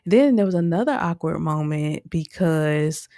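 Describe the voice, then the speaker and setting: A woman's voice: sits low, lively intonation, unhurried, dark tone, no echo. A woman talks through a reality episode in a loose, chatty way. She laughs often and slips into voices for the people she quotes. The sound is dry and close. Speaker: show reviewer. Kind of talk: casual recap commentary.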